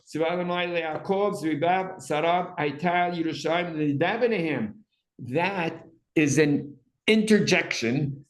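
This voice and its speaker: Animated man teaching a text class. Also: a little high, unhurried, reverberant. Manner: animated, reads Hebrew aloud and acts out dramatic cries. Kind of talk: classroom Bible lesson. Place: room with a small class.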